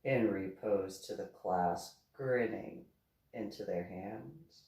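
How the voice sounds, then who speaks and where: A woman, an author, reading her own novel aloud slowly and deliberately. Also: mellow. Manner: slow, deliberate reading with a wide pitch swing. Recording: echoey room, far from mic.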